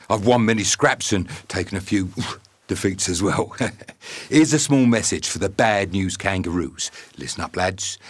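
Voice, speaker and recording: A man delivering a brash, teasing comedic message full of swearing. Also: on the low side. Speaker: fighter sending a video message. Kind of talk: comedic scripted monologue.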